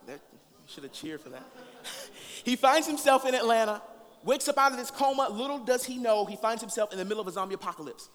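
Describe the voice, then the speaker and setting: A man preaching a sermon, animated, with big swings in loudness and calls for the congregation to answer back. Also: high voice, a little fast. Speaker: pastor. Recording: long hall reverb.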